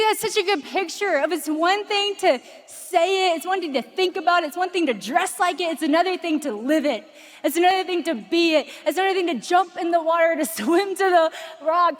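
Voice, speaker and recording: A woman preacher giving a passionate sermon to a large crowd, telling stories and dropping into soft, intense moments. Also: sits high. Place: large arena before thousands. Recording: long hall reverb.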